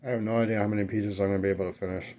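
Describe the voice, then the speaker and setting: A man's voice: fairly low pitch, little pitch movement, very fast, dark tone. A man chatting casually while eating on camera at home, rambling through stories with fillers and self-corrections. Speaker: mukbang vlogger. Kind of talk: casual eating chat and storytelling. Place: at home with dogs nearby.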